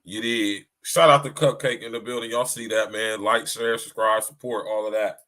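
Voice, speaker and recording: A man's voice: lowish voice, steady tone, normal speed, bright, forceful tone. A man hosting a podcast stream in casual, hyped chat, repeating himself and ending lines with "man.". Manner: hyped, repetitive, keeps tagging "man". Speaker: podcast host.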